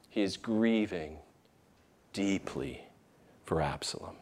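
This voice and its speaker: Man preaching, soft-voiced to hushed. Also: lowish voice, animated, takes it slowly, long pauses. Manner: dramatic swings from loud emphasis to hushed near-whisper. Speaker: pastor. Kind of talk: sermon.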